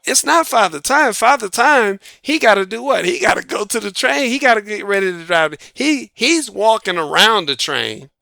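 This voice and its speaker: A man's voice: sits high, lively intonation, normal speed, gravelly, few pauses, pushed and bright, no room sound, clean studio sound. A man giving dating advice in a folksy, emphatic casual monologue. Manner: folksy, emphatic, laughs at own jokes.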